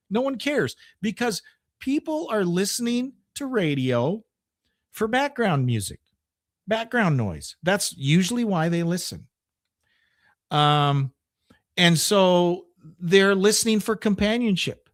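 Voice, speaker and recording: A man giving casual, emphatic advice to beginning radio hosts, thinking aloud and adding quick asides. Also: a little high, lively intonation, dry recording, clean studio sound. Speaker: radio coach and station owner. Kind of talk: casual instructional talk.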